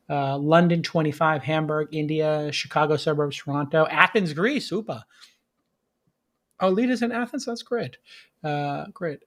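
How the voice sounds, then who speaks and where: A man hosting a live-streamed show, chatting with his producer and viewers, then reading through tech news. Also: on the high side. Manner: chatty, upbeat, talks to the audience and producer. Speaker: podcast host.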